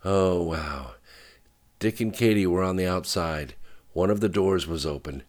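A jolted, rattled woman roused from sleep, as a low-voiced male narrator puts her on. Her voice climbs and tightens once she hears the news, and she speaks in a storybook reading. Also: a little slow. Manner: groggy then sharp and rattled. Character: woman, Bet, jolted awake into alarm. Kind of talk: audiobook character voice.

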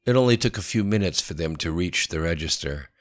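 A man narrating a story in a steady, matter-of-fact reading voice. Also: sits low, brisk.

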